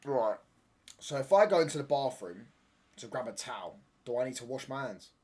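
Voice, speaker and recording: A young man with a mid-range voice, chatting live from his room during a football watchalong. He answers viewers' jabs with quick banter and plays up being hard done by. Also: mid-range voice, expressive, darkish tone, slightly rough. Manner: bantering, reads out and answers viewer chat, mock-indignant. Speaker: streamer. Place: home room.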